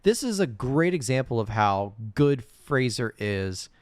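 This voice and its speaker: A man co-hosting a casual movie review podcast, agreeable and quick to laugh as he recaps scenes. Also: mid-range voice, big pitch swings, dry recording. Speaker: podcast co-host.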